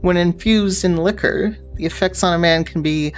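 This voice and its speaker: A woman voicing a proud, wry male architect turned pub owner in a game, in a slightly lower voice. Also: normal speed, soft background music, close to an everyday voice. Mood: boastful.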